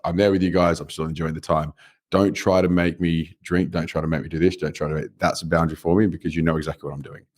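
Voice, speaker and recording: A man from the UK co-hosting a loose, sweary podcast chat. His voice is very deep. He stumbles and restarts his sentences and keeps breaking into laughter. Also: flat delivery, fast talker, darkish tone. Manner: blunt and swearing, laughs often, frequent restarts. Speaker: podcast co-host. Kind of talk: casual chat.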